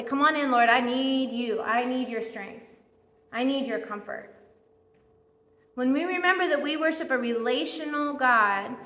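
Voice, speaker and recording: Woman giving a sermon, casual and heartfelt, bright voice, big echoey church room. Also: a little high. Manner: earnest, conversational preaching with heartfelt spoken prayers. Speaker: preacher. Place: church sanctuary.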